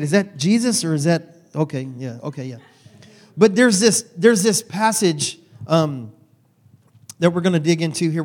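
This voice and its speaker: A middle-aged male pastor delivers a laid-back sermon, joking and chatting and checking in with his congregation. His voice sits a bit high for a man. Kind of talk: casual sermon.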